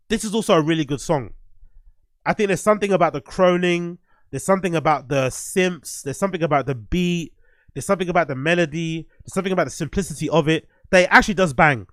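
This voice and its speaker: A man's voice: on the high side, a bit bright, no room sound, clean studio sound. A man giving casual, profane livestream commentary as the host, blunt and rambling. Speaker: streamer host reviewing music.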